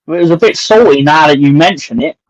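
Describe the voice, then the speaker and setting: A man's voice: fairly high pitch, quick pace, rough recording. A man co-hosting a casual live stream, trading dry, joking banter.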